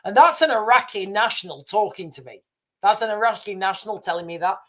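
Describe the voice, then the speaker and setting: High, pushed and bright, a British man's voice moves fairly quickly as he hosts a live stream. He talks casually and rambles, restarting often and chuckling at himself.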